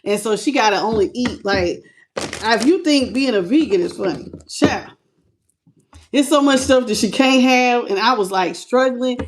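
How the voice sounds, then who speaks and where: A woman's voice: a little high, animated, measured pace, a little hiss or hum. A middle-aged woman hosting a casual live tarot stream from her phone at home, chatty and affectionate, greeting viewers by name with pet names. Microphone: phone on a stand.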